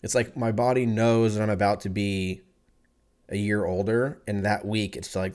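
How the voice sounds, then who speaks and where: A man's voice: fairly low pitch, animated, normal speed, a little mellow. Profane laid-back man in his thirties. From California. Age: 30s. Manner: rambling, profane, laid-back, self-mocking. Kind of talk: casual storytelling monologue.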